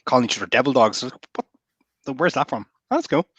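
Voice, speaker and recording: Man, fast talker, quick reactions, dry close sound. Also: medium pitch, expressive, slightly rough, no room sound, highs cut off. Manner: quick reactive interjections, laughs easily. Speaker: podcast guest. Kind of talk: casual chat.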